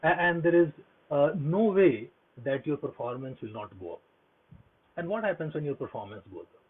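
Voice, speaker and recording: A man's voice: fairly high pitch, lively intonation, normal speed. A man giving an earnest motivational talk on mindfulness, repeating himself with many fillers and restarts. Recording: husky voice over a tinny phone-like line.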